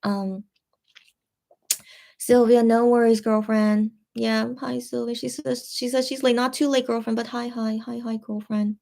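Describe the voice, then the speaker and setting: A young adult woman hosting a casual livestream, reading out viewer comments and talking them through in a halting, comforting way with many restarts. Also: a little high, little pitch movement, gravelly, dark tone. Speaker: livestream host reading fan chat.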